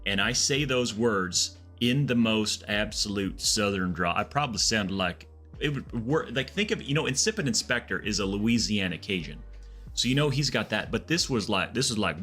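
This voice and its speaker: A man streaming a game, telling long rambling stories in a casual, animated way, with lots of restarts. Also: on the low side, normal speed, soft background music. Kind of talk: casual storytelling chat.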